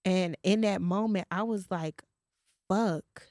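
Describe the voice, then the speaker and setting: A woman podcast host, telling a story in casual chat and quoting others in a lowered voice. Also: slow pace, a little mellow, no room sound, studio quality.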